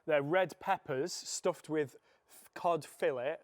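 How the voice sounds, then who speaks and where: A man's voice: on the high side, slow pace, a little hiss or hum. A man co-hosting a podcast, talking in an enthusiastic, rambling way with lots of fillers. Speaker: podcast co-host. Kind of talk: casual chat.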